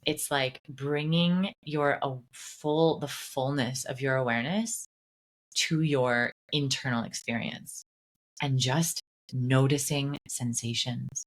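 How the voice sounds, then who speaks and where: A woman guest on a podcast, speaking casually and earnestly, with a gently guiding manner and the odd swear. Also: rumbling low, takes it slowly. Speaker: guest, dietitian and therapist. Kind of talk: conversational podcast interview.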